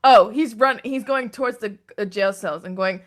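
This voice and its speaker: A woman chatting as a player in a tabletop game, animated and quick to laugh. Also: fairly high pitch. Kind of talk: casual tabletop game chat.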